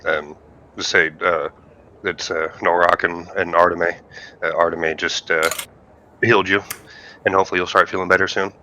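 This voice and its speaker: A man playing a tabletop game, speaking partly in character and hesitating with many pauses. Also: low-pitched, flat delivery, sharp tone, muffled recording, a little hiss or hum. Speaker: player.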